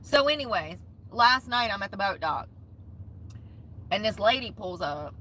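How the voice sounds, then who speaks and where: A woman's voice: medium pitch, lively intonation, measured pace, pushed and bright, slight background noise. A young woman vlogging about van life, telling an indignant, profane story in short bursts. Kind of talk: ranting vlog storytime.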